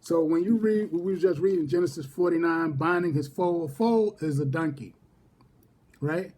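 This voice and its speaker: A man teaching a casual Bible study, repeating each verse reference and reading scripture slowly and deliberately. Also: on the high side, a little mellow.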